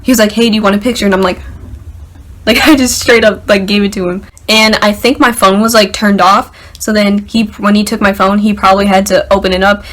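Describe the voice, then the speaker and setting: A young woman vlogger telling a story to the camera in an excited, chatty way, packed with "like" and "literally". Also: mid-range voice, brisk. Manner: excited, filler-heavy, lots of "like" and "literally".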